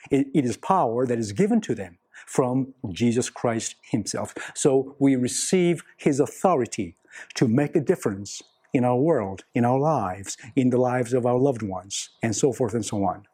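A man's voice: mid-range voice, warm tone, breathy edge. A man preaching a sermon, earnest, repeating key words for emphasis and putting questions to the congregation. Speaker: pastor.

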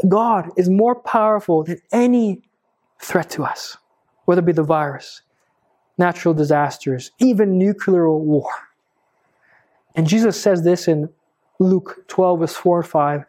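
A woman delivering a sermon in a lowish, mellow voice. She tells stories expressively, jumping up high on key words and dropping to a hush for weight. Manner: expressive storytelling, swooping up for emphasis. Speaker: preacher.

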